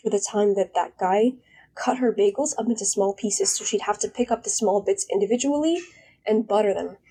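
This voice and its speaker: A woman's voice: mid-range voice, mellow, low-quality recording. A young woman streamer chatting casually and rambling bluntly, swearing now and then. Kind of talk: casual live-stream chat.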